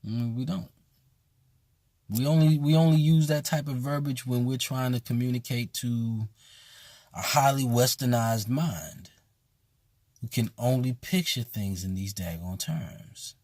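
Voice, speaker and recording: A man's voice: mid-range voice, measured pace, a little mellow, no room sound. A man who teaches at a voodoo temple, talking bluntly and casually with emphatic repetition. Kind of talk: casual spoken commentary.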